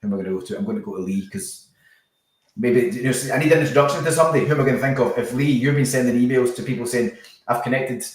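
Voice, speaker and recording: A man, a business founder talking casually as a podcast guest, chatty and quick to laugh. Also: medium pitch. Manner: chatty, laughs easily, trips over words. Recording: echoey room, far from the mic.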